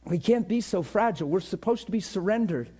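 Middle-aged male pastor, unusually high voice, fervent sermon delivery with big dynamic swings. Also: lively intonation, fairly quick, slightly rough. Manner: impassioned preaching that swings between hushed and shouted.

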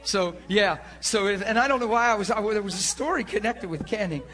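A man's voice: high-pitched, brisk, pushed and bright. A middle-aged male pastor preaching from the pulpit, telling a story with a rambling, self-amused manner. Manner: rambling, laughing at himself. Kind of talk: storytelling sermon. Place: church pulpit.

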